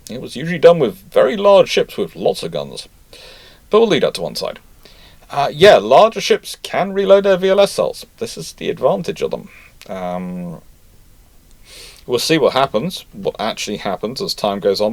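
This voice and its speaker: A man's voice: medium pitch, sing-song, measured pace, dry recording. A man hosting a history channel, chatting casually and correcting himself as he reads out viewer comments. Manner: rambling, self-correcting, chatty.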